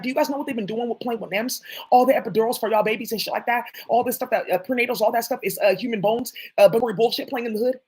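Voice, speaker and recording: A woman's voice: fairly high pitch, rapid-fire, few pauses, a little mellow, breathy edge, low-quality recording. A woman vlogger talking to her viewers in a rambling, jumpy monologue, swearing often.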